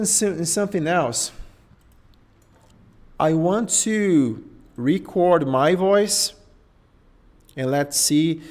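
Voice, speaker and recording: A man's voice: a little high, a little mellow. A man with a Portuguese accent, a native Portuguese speaker, hosting a live screen-share tutorial and thinking aloud, often tagging his sentences with "okay?" and "right?". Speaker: host.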